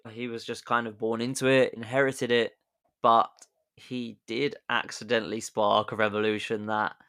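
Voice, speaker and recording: A man's voice: mid-range voice, pushed and bright, smooth. A man hosting a podcast, chatty and jokey, telling history as a casual story and laughing at his own jokes. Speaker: podcast host.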